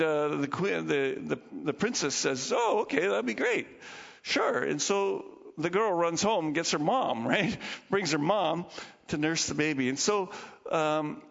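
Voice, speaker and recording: Gravelly-voiced man preaching a sermon. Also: a little high, a bit bright. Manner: storytelling with acted quotes and chuckles. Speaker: pastor. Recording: dull lo-fi hall reverb.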